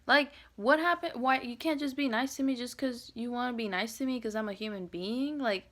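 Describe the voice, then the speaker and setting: A woman's voice: on the high side, steady tone, a little fast. Blunt woman venting, profane and rambling. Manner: swings between loud outbursts and hushed whispered asides. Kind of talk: emotional venting monologue.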